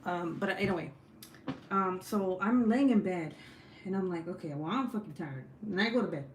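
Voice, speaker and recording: A young adult woman and mother, chatting casually while crafting at home, telling a story with lots of swearing and lively voice shifts. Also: fairly low pitch, normal speed, echoey room, slight background noise. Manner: profane, animated storytelling. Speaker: vlogger, mom.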